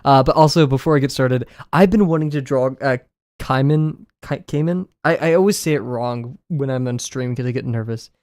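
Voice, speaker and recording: A man's voice: medium pitch, a little fast, hardly any pauses, darkish tone, no room sound, clean studio sound. A man chatting loosely and self-deprecatingly on a drawing livestream, his voice a little scratchy today. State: slightly scratchy voice. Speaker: art livestreamer. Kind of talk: casual live-stream chat while drawing. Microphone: desk mic, no camera.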